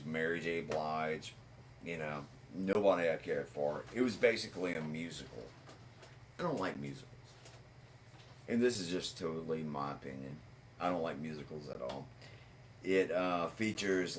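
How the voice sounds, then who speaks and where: Blunt, opinionated male podcast co-host with a very low voice; light hiss behind. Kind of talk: casual movie review chat.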